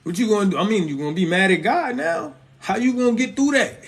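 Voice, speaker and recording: Here a fast-talking young man with a high voice delivers a casual preaching monologue on faith and relationships. A Christian vlogger, he sounds animated, conversational and full of slang, and he keeps asking "you feel me".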